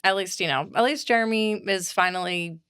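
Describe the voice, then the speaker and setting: A woman's voice: mid-range voice, brisk, a bit bright, clear, resonant tone, dry recording, clean studio sound. A woman co-hosting a podcast in casual chat, talking hesitantly with many fillers and restarts. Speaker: podcast co-host.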